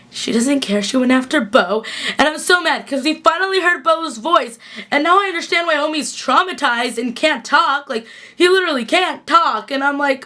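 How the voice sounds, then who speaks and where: A young woman gushing through a casual episode recap in a chatty, excitable way, full of "like". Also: high-pitched. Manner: gushing, chatty, fast bursts with fillers like "like". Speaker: TV recap vlogger.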